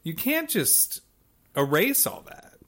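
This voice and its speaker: Lively higher-voiced man musing aloud. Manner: lively, halting opinions full of fillers. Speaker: podcast co-host. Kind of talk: casual chat.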